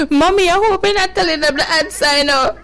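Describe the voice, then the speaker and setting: Slow, lively high-voiced woman coaching kids. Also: rough recording. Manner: playful, encouraging, drawn-out coaching. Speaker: host leading children's tongue twisters. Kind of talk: live call-in with children.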